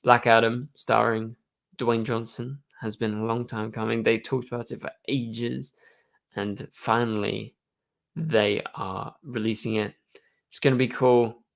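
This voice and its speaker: A man's voice: medium pitch, little pitch movement, unhurried, vocal fry. A young man hosting a live stream, chatting casually and answering viewer questions, rambling with lots of fillers. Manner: rambling, full of "like" and "um".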